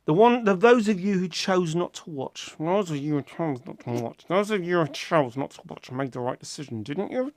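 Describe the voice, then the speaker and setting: Rambling British man with a high-ish voice. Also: normal speed, few pauses, no room sound, clean studio sound. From Britain. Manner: rambling, self-mocking, with sudden loud animated outbursts; swears casually. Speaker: YouTuber. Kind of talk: casual rambling vlog chat.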